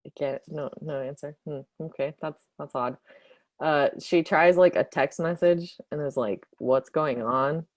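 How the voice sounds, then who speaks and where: A woman's voice: low voice, a little slow, a little mellow, dry recording. A woman playing a tabletop game, casually describing her character in a rambling way full of fillers. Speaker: player.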